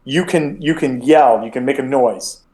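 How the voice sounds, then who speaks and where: A man's voice: mid-range voice, normal speed, darkish tone. A man running a tabletop game as game master, talking casually and rambling, with frequent restarts.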